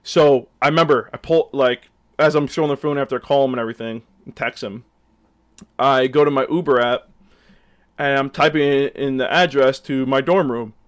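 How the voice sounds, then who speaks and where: A young adult man telling a story in casual vlog style, his voice sitting at an ordinary middle pitch. He rambles, loading his sentences with fillers, and animatedly acts out what he said back then. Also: normal speed. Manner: rambling, heavy use of fillers; animated, acts out his own past lines. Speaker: storyteller vlogger.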